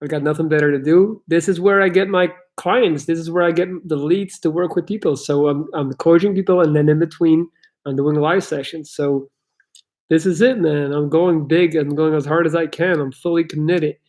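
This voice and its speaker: A man's voice: fairly high pitch, steady tone, normal speed, darkish tone. A young man, a life coach, chatting loosely on a livestream Q&A, reading chat questions and swearing now and then.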